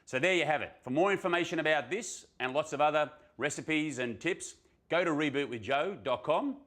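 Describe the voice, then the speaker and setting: A man's voice: a little high, fairly quick, a bit bright. A man hosting a health show, presenting a countdown of tips in a chatty, upbeat way. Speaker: host. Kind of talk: casual presenting.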